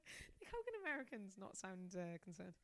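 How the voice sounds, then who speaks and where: A woman's voice: medium pitch, huge pitch swings, moderate pace, no echo. A woman guest on a podcast, reading passages from a detective novel aloud and breaking off for amused, laughing asides. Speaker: podcast guest, comedian and scientist.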